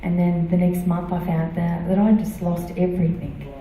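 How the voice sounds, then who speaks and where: Middle-aged woman, testimony in church, halting and full of fillers, mellow tone, far from the mic in a very echoey hall. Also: fairly low pitch, steady tone. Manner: halting, many fillers and restarts. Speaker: church member giving testimony. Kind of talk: personal testimony.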